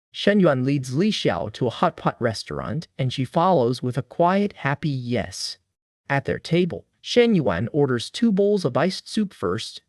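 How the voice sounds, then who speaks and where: A man's voice: medium pitch, no room sound, studio quality. A man narrating a comic recap in a scripted, wry storytelling manner.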